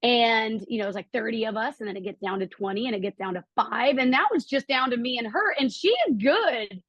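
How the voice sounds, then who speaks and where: A middle-aged woman telling a personal story as a podcast guest, acting out quotes with lively jumps in her voice. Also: fairly quick, breathy edge, dry recording, poor audio. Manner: animated, acts out quotes with lively pitch jumps.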